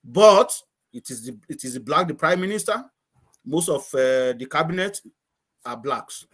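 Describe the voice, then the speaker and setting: A man's voice: fairly high pitch, expressive, normal speed, fairly bright tone. A middle-aged man from Nigeria, a guest chatting casually in an interview, rambling, repeating words and laughing often.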